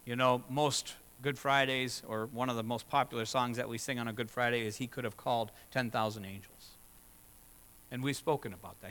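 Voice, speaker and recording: A man's voice: medium pitch, a bit bright, big-room sound. A man pastor preaching a sermon in a church, asking his listeners rhetorical questions and building to emphatic passages.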